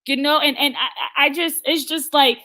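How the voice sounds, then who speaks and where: Woman host, fairly high and tense voice, blunt opinion talk, lots of restarts. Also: steady tone, fairly quick, bright, forceful tone. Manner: emphatic and blunt, with frequent stammered restarts. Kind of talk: opinionated live-stream talk.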